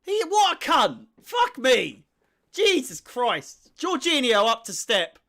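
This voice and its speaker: A man's voice: very high voice, huge pitch swings, slow, fairly bright tone. A young man giving casual live commentary on a football match as a fan, swearing freely and sounding exasperated.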